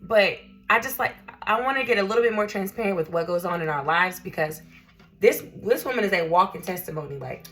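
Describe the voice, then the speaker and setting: A woman's voice: medium pitch, animated, brisk, a bit bright, soft background music. A woman hosting a casual livestream chat as a tarot reader, chatty and laughing, reading out viewer comments.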